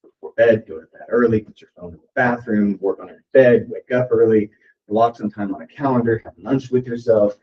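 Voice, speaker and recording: A man's voice: lowish voice, brisk. A man leading a real estate team meeting, talking casually and rambling with lots of "like" as he encourages his team. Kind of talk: motivational talk at a team meeting. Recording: distant, dull lo-fi room recording.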